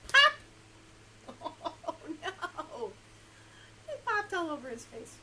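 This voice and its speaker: A woman's voice: extremely high pitch, takes it slowly, a little hiss or hum, poor audio. A woman librarian reading a picture book aloud to young children, asking them questions and laughing often. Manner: animated, coaxing questions to young listeners.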